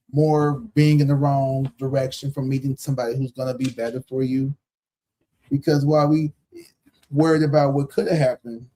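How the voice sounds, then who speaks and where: A man's voice: medium pitch, mellow. A man in his thirties giving a live tarot reading in casual, slangy talk, blunt and profane, repeating himself for emphasis and laughing often. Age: 30s. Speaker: tarot reader hosting a live stream.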